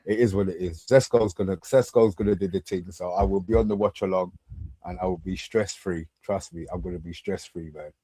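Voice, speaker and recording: Low-voiced male co-host, easygoing, dry close sound. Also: fairly even intonation, fairly quick, warm tone, slightly rough, no echo. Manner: laid-back, laughing, says "man" and "listen". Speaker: podcast co-host. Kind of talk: casual fan chat.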